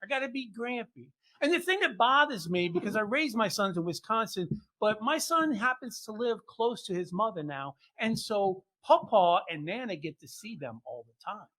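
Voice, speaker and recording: An older man hosting a show, telling comic family stories with deadpan punchlines and acting out what his relatives said. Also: high-pitched, normal speed, hardly any pauses. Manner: deadpan punchlines, acts out quoted family members. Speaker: podcast host. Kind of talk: comic storytelling.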